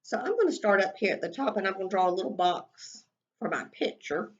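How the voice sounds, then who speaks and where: A kindergarten teacher modelling a writing lesson for young children, talking slowly in a sing-song way and stretching out sounds while she writes and draws. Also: medium pitch, big pitch swings, lo-fi sound.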